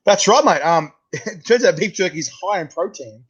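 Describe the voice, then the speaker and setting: A man's voice: high-pitched, expressive, moderate pace, husky. A man with an Australian accent hosting a casual chat, laid-back and talkative, often saying "mate" and restarting his sentences. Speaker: host. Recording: muffled lo-fi sound.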